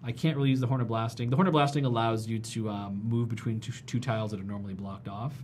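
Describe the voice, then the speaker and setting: A man's voice: mid-range voice, steady tone, fast talker, darkish tone, a little hiss or hum. A man playing a board game, explaining the rules and thinking aloud as he takes his turn. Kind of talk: casual play chat.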